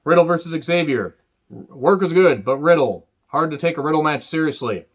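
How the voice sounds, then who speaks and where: A man reviewing a wrestling show in a casual, profane rant, sarcastic and dry, with sudden sharp outbursts. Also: fairly high pitch, lively intonation, moderate pace, muffled recording.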